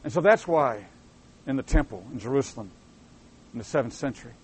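A man preaching a sermon, acting out the voices of prophets and questioners, rising to loud emphatic lines and then dropping low and soft. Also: expressive, fairly quick, husky.

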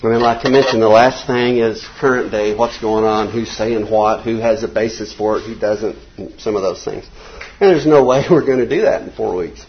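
An older man, teaching a casual Bible class in a small church classroom, folksy and conversational, reading quotes slowly. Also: lowish voice, lo-fi sound, slight background noise.

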